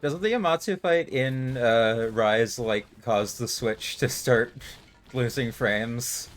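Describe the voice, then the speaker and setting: A man's voice: medium pitch, slow pace, soft background music. A young man in casual chat who talks hesitantly, trailing off while searching for words.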